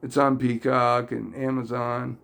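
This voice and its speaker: A man's voice: medium pitch, unhurried, gravelly. A man hosting a casual faith talk, speaking earnestly and rambling a little as he retells stories. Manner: earnest, rambling, gets loudly excited and emotional. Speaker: religious video host.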